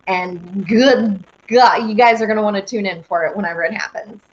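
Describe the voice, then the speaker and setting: A young woman with a medium-pitched voice hosts a casual live stream, reading viewer comments and chatting at a moderate pace. She's a singer and stream host, bubbly and rambling, squealing with excitement. The stream audio is dull and lo-fi, with a little hiss or hum.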